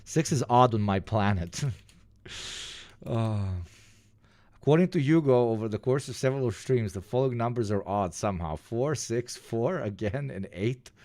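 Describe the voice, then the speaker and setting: A man live-streaming a video reaction, chatting casually, joking and swearing, jumping from loud outbursts to low mutters. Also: normal speed, no room sound. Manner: loud, swearing, jokey, swings between shouting and muttering.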